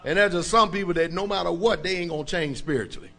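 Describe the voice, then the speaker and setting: Man, pastor, preaching a sermon, emphatic, casual speech, pitch a bit high. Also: fast, bright, forceful tone, soft background music. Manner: emphatic, checks in with the congregation; colloquial, informal speech.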